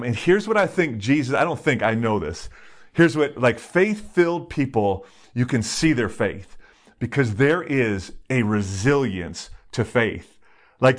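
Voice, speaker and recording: A man preaching a sermon in a conversational, emphatic way, telling stories with sudden jumps in pitch. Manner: animated, emphatic storytelling with sudden rises in pitch; conversational, with fillers and restarts. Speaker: pastor.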